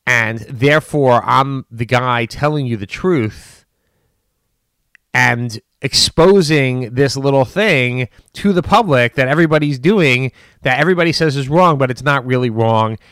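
A man giving unscripted political commentary, animated and emphatic, with frequent restarts and fillers. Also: medium pitch, a little slow, clean tone, no echo, clean studio sound.

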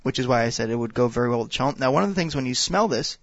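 A man's voice: mid-range voice, animated, very fast, no echo. Man explaining whiskey tasting. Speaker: wine and spirits guest expert. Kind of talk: casual explaining chat. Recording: dull, dry sound.

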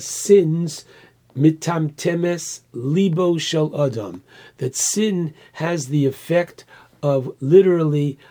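A man's voice: a little high, mellow. A man teaching a Torah lesson in a sermon style, quoting Hebrew verses and explaining each term carefully. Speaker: rabbi. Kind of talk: Torah lecture.

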